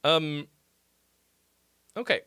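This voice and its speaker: A man chats his way through a music-feedback livestream with a slightly high, bright voice. He talks slowly, laughs easily and swears under his breath as he mutters to himself. The sound is close and dry. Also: animated, smooth, no echo. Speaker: livestream host giving song feedback. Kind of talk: casual livestream chat.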